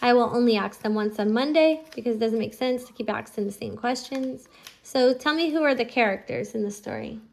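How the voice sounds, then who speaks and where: A woman homeschooling her child, explaining a phonics lesson and slowly drawing out letter sounds. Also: a little high, vocal fry. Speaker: homeschooling parent teaching phonics. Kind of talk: instructional explanation to camera.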